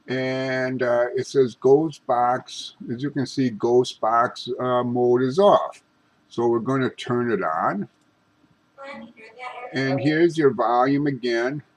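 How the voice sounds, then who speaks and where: Slow, halting man demoing ghost box apps. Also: medium pitch, poor audio. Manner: slow, halting, many restarts; calls out politely to spirits. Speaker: paranormal investigator.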